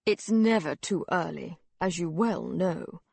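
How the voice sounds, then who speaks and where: Woman playing a loud, slurring drunk gentleman. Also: fairly low pitch, animated, unhurried, gravelly, breathy edge, dry recording, heavily acted. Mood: mocking. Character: drunken, mocking young Victorian gentleman.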